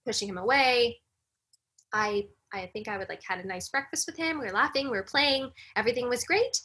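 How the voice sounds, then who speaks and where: A woman guest on a podcast, a breathwork facilitator, telling a personal story in an animated, casual way with frequent fillers. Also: on the high side, brisk.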